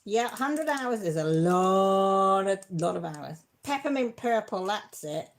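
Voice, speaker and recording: A woman's voice: medium pitch, lively intonation, takes it slowly. A woman hosting a casual live-stream craft chat from home, chatty and emotional, close to tears as she thanks viewers. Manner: chatty, warm-hearted, emotional and teary. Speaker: craft channel host.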